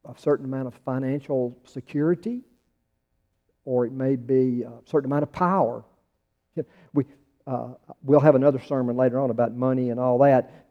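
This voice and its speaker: American man preaching in a hall. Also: mid-range voice. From United States. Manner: conversational, repeats and restarts phrases, rising emphasis on questions. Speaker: pastor. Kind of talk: sermon. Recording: dull sound in a large reverberant hall.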